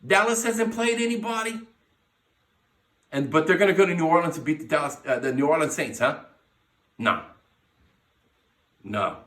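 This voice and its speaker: A man's voice: on the high side, lively intonation, moderate pace, long pauses, a bit bright. A man hosting a podcast, giving brash, profane sports picks in casual talk and hyping his teams. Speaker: podcast host. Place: bar lounge. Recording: echoey room, mic at a distance.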